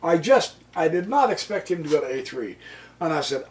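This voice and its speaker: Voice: medium pitch, very animated, a little fast, recorded from a distance. Chess channel host talking through their own game, chuckly and exclaiming a lot, swoopy voice, sits back from the mic. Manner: chuckling, exclaims with delight at the opponent's moves.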